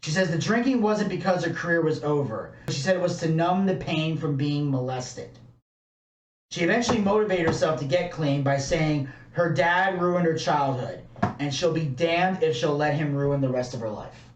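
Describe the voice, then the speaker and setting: In an echoey room, picked up by a distant mic, a man with a fairly high-pitched voice speaks at normal speed. He's a podcast co-host telling a casual story peppered with fillers and swear words.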